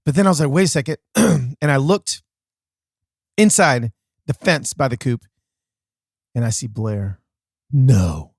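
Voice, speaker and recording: A man hosting a podcast, telling a casual story in an animated way with comic exaggeration and self-mocking asides. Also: mid-range voice, a little slow, creaky, long pauses, dry recording. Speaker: podcast host.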